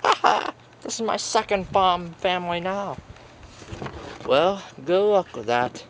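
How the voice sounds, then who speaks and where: A man plays out a toy adventure, speaking slowly in a high, bouncy voice. He keeps switching between goofy high and low character voices, with faint noise behind him. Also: expressive, a bit bright. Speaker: toy video maker voicing all characters.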